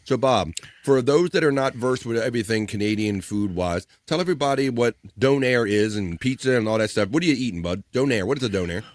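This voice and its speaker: A man's voice: medium pitch, lively intonation, fairly quick, hardly any pauses, dry recording. Chatty man hosting a live stream. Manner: chatty, reads viewer check-ins aloud. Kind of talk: casual radio-style hosting.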